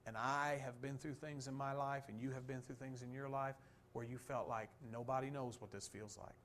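A man preaching a sermon, posing rhetorical questions and answering them, swinging from fervent emphasis to soft, low reflection. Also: steady tone, normal speed, a little hiss or hum. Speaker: pastor.

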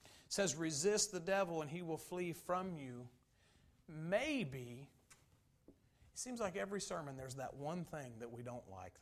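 Male pastor, fairly high-pitched, folksy sermon delivery with humorous asides and emphatic crescendos. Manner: folksy preaching that builds to loud emphatic runs.

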